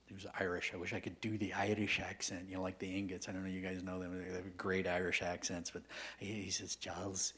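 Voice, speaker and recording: Preaching as a guest pastor, this man tells his stories in a chatty way, moving from quiet whispers to forceful, loud bursts. He sounds low-pitched and husky, with a level tone and a slightly fast delivery.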